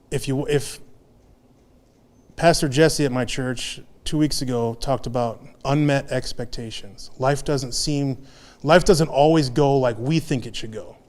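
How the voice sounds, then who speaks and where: A man's voice: mid-range voice, darkish tone. Candid man in his thirties confessing. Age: 30s. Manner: candid, confessional, halting with restarts. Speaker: guest speaker. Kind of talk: personal testimony talk.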